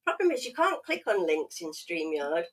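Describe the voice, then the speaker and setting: A woman's voice: lowish voice, sing-song, normal speed, a little hiss or hum. An Englishwoman hosting a livestream, chatting casually and teasing playfully with slang. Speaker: livestream host.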